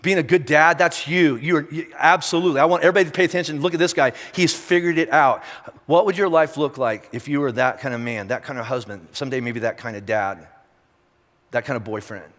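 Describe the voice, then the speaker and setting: A pastor with a fairly high, slightly bright voice preaches to his congregation at a quick clip, talking directly and conversationally while firing off rhetorical questions. The long reverb of a large church auditorium hangs on every word.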